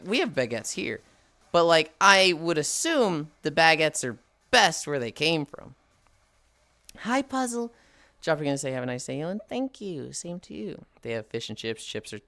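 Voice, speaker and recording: A streamer talking straight to chat in a loose, profane, opinionated way, the pitch leaping all over the place. The voice is bright and forward and sits dry and close to the mic, with faint music playing underneath. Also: no room sound. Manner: swears freely, reads and answers chat; opinionated, playful ranting. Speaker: livestreamer chatting with viewers.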